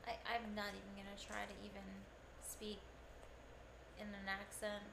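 A woman's voice: medium pitch, completely flat delivery, normal speed, creaky. A young woman, a recurring podcast guest, chatting casually, brash and teasing, swearing freely. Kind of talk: casual chat. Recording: echoey room with noise.

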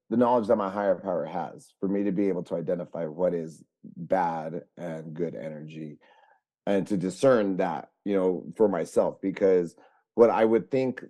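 A man in recovery, a podcast guest, talking in a halting, reflective way with frequent fillers. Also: low-pitched, creaky, dark tone. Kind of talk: casual conversation.

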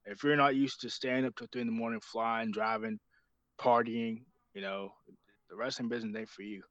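A young man in his twenties talks in a blunt, profane, easygoing way at an ordinary middle pitch. The sound is dull and a little muffled, with a dry close feel. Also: steady tone, normal speed, a bit bright, no echo. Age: 20s. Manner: blunt, swears a lot. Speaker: wrestler. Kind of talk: casual podcast chat.

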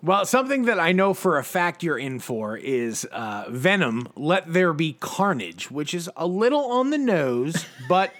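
A man's voice: on the high side, very animated, a little slow, few pauses, fairly bright tone. A man co-hosting a casual movie chat, with dry, sarcastic remarks. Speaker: podcast co-host.

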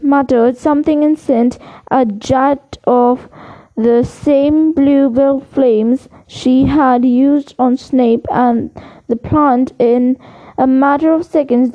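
Give me a woman with a high, light voice reading a children's storybook aloud. She takes her time and sometimes stumbles over a word. The recording sounds dull and lo-fi. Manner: unhurried, slightly halting reading. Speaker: audiobook reader.

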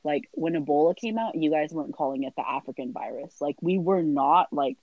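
A woman's voice: deep voice, fairly quick, dry recording, phone-quality sound. A young woman chatting casually as a guest, rambling through stories with lots of filler words. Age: young adult. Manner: rambling storyteller. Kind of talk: casual chat.

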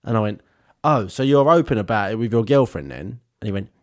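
A man's voice: lowish voice, lively intonation, a little fast, a little mellow. Laughing British man telling a story. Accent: British English. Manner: laughing often, acts out both sides of a chat. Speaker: podcast co-host. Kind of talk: casual storytelling chat.

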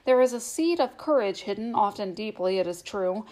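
A woman narrates a novel aloud in a steady, measured storytelling manner. Her voice sits at a middling pitch for a woman, and she reads unhurriedly. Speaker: audiobook narrator.

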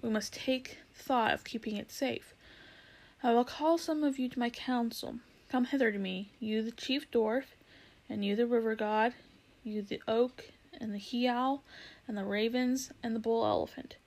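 A woman voicing a great, gentle, kingly male lion in a storybook reading, speaking in a soft, hushed, solemn way. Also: fairly high pitch, normal speed, close to an everyday voice. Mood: grave.

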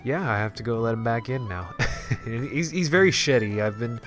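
A man hosting a casual solo podcast with a stuffy nose, talking in a halting way with lots of restarts. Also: mid-range voice, animated, over music. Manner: halting, many fillers and restarts. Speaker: podcast host.

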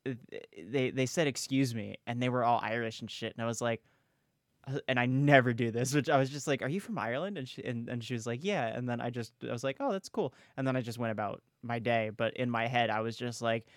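A man's voice: medium pitch, fast talker, dry recording, studio quality. Swearing young man chatting on a podcast. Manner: animated, swears a lot, says "bro" and "dude". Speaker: podcast co-host. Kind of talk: casual chat.

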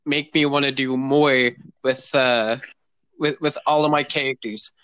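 A man's voice: medium pitch, steady tone, a little slow, a bit bright, smooth, no room sound, low-quality recording. Rambling young man hosting a podcast. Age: 20s. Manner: rambling, filler-heavy, often asks "you know what I mean". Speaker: podcast host. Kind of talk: casual podcast chat.

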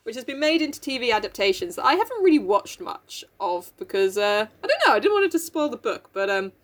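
A young woman co-hosting a casual podcast, talking with a highish voice that swings widely in pitch. She laughs often and swears freely as she chats. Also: sing-song, fast talker, a little hiss or hum. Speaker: podcast co-host. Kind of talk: casual chat.

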